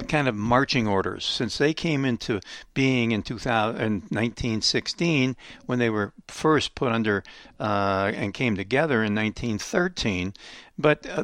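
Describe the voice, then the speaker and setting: Male show host, gravelly, mid-pitched, emphatic commentary with rhetorical questions, dry close sound. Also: a bit bright, dry recording. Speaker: radio program host. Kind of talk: economic commentary monologue.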